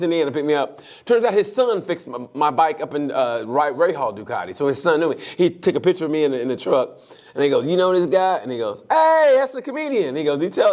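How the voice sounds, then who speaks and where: A male comedian talking on a podcast, his voice sitting a little high and swinging widely up and down as he tells stories. He speaks casually and swears freely. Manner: animated, profane storytelling. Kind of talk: casual chat.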